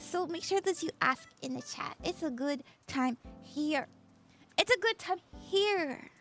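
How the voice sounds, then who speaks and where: A woman hosts a casual tarot livestream just after waking up, bubbly and quick to giggle as she greets her chat. Her voice sits very high and swoops around a lot, with a bright edge. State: just woke up.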